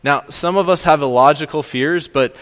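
A man's voice: on the high side, normal speed, fairly bright tone. Earnest man preaching in a reverberant hall. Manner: earnest, emphatic preaching with repetition. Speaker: pastor. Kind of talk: sermon.

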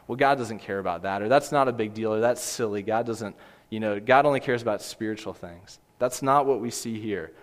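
A man preaching a sermon in an ordinary mid-range voice. He speaks earnestly, putting questions straight to his listeners and circling back to repeat his main points. The sound carries a long reverb, like a large church hall. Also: mid-range voice. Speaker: pastor.

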